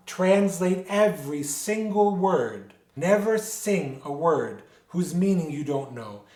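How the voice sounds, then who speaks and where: Male music teacher, slightly high voice, patient explainer who asks and answers his own questions, echoey room. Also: darkish tone. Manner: explanatory, poses rhetorical questions and answers them. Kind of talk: instructional lecture. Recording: roomy echo.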